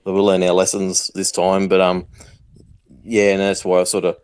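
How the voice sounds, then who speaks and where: A man's voice: low voice, completely flat delivery, normal speed, a little mellow, clean tone, dry recording. A man with an Australian accent chatting casually as a caller, hesitant with many ums. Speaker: viewer calling in. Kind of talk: casual chat.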